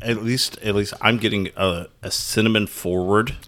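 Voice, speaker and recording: A man on a casual bourbon tasting panel, emphatic and expressive as he agrees and describes flavors. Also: lowish voice, moderate pace, no echo.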